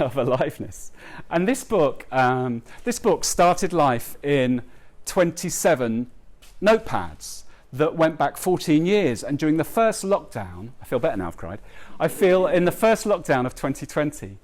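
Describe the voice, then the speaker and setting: Heartfelt man speaking live. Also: mid-range voice. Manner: heartfelt, halting, many ums and restarts. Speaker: author giving a talk. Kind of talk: speech at a book launch. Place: live event before an audience.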